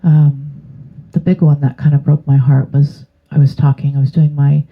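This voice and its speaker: A woman's voice: deep voice, level tone, normal speed, slightly rough. A woman giving a casual tarot reading to her channel, rambling and hesitant with many fillers. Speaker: tarot reader. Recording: tinny phone-like sound.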